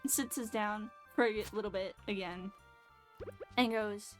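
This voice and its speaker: A woman's voice: medium pitch, steady tone, normal speed. A woman in her twenties telling a story casually while streaming at home, blunt and sarcastic, swearing freely. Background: faint background music.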